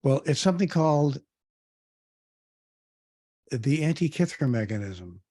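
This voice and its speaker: Warm, conversational older male speaker. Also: mid-range voice, very animated, unhurried, dry recording, studio quality. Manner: conversational, quizzes the audience, frequent ums. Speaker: guest speaker. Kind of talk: online presentation.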